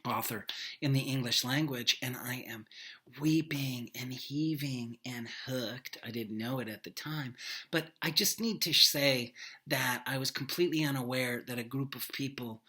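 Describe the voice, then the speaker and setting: A man teaching by video from his living room, telling a rambling, animated story with lots of emphasis. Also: mid-range voice, unhurried. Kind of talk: casual storytelling lecture to camera.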